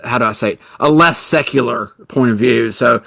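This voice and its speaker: A man's voice: mid-range voice, normal speed, gravelly, fairly bright tone, no echo. Guy rambling on a podcast, lots of you-knows, dry close mic. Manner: rambling, many "you know" fillers. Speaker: podcast co-host. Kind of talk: casual chat.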